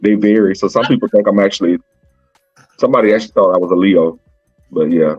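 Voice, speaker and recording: A man's voice: on the low side, fast, a little mellow, breathy edge, dull audio, faint music behind. A man co-hosting a morning talk show, chatting in a laid-back, drawling way. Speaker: co-host. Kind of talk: casual chat.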